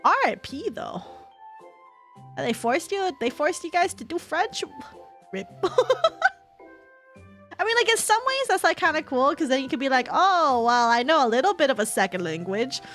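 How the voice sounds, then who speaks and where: Young woman streamer, high and very animated voice, rambling casual chat full of laughs and swearing, faint game music underneath. She sounds relaxed and chatty as she reads out and answers her audience. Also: moderate pace, pauses often. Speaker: VTuber streamer. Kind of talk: casual chat with viewers while reading chat.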